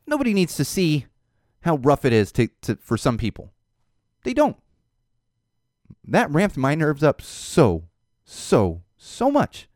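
A man delivers an animated, emphatic monologue with a pitch that rises and falls in lively sweeps. The sound is dry and close, with no room around it. He hammers key words and repeats them when upset. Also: no echo. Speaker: show host. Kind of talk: casual monologue.

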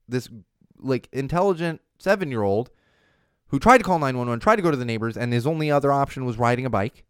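A man in his thirties hosts a casual live-streamed talk show in a smooth, resonant voice of middle pitch. He rambles in a chatty way and keeps restarting his sentences. The sound is dry and close. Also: dry recording. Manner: chatty, rambling, self-interrupting. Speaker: show host. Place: studio in Los Angeles.

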